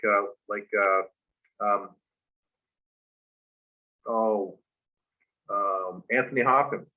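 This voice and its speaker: A man, a guest in an interview, telling a long personal story, halting with many fillers and restarts and laughing along. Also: on the low side, phone-quality sound.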